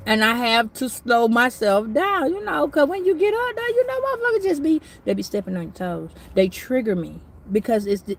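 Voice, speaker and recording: A woman's voice: fairly high pitch, lively intonation, normal speed. A middle-aged woman giving a casual astrology reading, talking bluntly, preachily and with plenty of swearing. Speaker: tarot reader.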